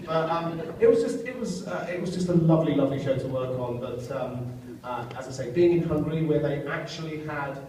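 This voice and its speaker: A man's voice: a little high, brisk, a little hiss or hum. Man telling stories in echoey hall. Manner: animated, comic storytelling. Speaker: actor on a convention panel. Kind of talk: panel Q&A anecdotes. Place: large convention hall. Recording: echoey hall, distant from mic.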